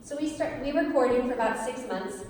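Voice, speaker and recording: A woman's voice: high-pitched, a little fast, far from the mic. Earnest young woman telling her story in an echoey hall. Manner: earnest, lively storyteller with laughs. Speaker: speaker giving a personal testimony. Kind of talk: storytelling talk to an audience.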